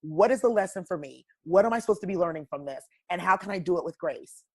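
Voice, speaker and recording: A woman's voice: lowish voice, lively intonation, quick pace, darkish tone, husky. Woman guest, wellness coach type. Emphatic, straight-talking, preachy. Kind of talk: casual podcast conversation.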